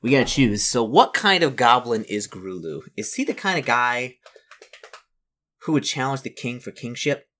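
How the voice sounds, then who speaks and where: A man's voice: mid-range voice, sing-song, normal speed, a bit bright. A man reading a solo fantasy gamebook aloud and musing over his choices in a chatty, self-correcting way. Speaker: solo gamebook player and narrator.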